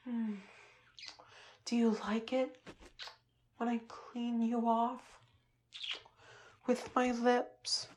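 A young woman voicing an obsessive, possessive female lover in an intimate audio role-play, breathy and pleading, with doting repeated endearments. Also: on the high side, monotone, extremely slow, long pauses, darkish tone, slight background noise. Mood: tender, doting.

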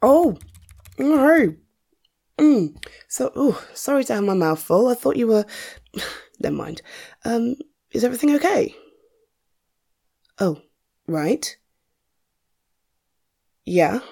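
Heavily acting, a woman voices a self-assured, wealthy mother in an audio role-play aimed at the listener, teasing flirtatiously at a slow, playful pace. Her fairly high voice is very animated, with a creaky, husky, slightly mellow quality.

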